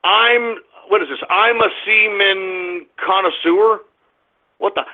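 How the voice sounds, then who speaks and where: Angry cursing male radio host, very high gravelly voice, tinny phone-like sound. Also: steady tone, takes it slowly. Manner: angry, exasperated, cursing, shouting at listeners. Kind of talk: ranting at a live chat room.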